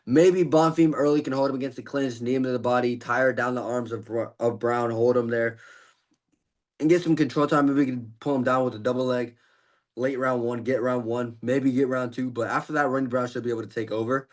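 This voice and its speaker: A man's voice: medium pitch, steady tone, a little fast. A man talking through fight predictions in a loose, rambling way, with plenty of fillers. He sounds tired and a little out of breath. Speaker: podcast host giving fight predictions. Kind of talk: casual fight breakdown.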